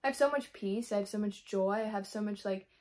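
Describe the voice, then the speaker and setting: A woman's voice: mid-range voice, brisk, darkish tone. A young woman talking candidly in a devotional vlog, earnest and rambling, acting out her own prayers as she speaks. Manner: earnest, rambling, full of fillers and quoted prayers. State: frustrated but hopeful. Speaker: Christian vlogger.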